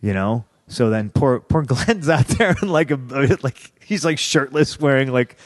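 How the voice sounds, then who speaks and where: A man, a podcast guest telling candid stories in a profane, heated, animated way. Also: medium pitch, unhurried, no echo. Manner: profane, heated, animated retelling with rising outbursts. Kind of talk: candid storytelling interview.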